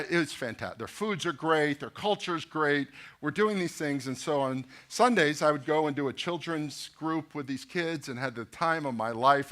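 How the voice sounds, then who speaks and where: A middle-aged man, a pastor, giving a talk at a business luncheon, telling anecdotes and asking the audience rhetorical questions. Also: a little high. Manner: storytelling, animated anecdotes with quoted dialogue.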